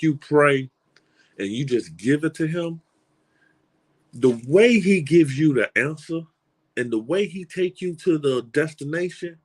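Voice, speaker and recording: A middle-aged man with a Southern US drawl speaks as a motivational speaker. His voice sits at an ordinary pitch. He talks in an animated, folksy way, circling back with restarts and repeated words as he tells his stories. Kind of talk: motivational storytelling talk.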